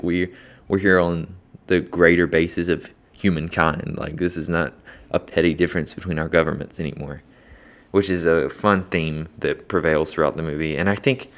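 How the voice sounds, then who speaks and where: A man hosting a casual podcast, talking with eager enthusiasm and rambling through lots of fillers and restarts. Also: deep voice. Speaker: podcast host. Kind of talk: casual podcast chat about movies.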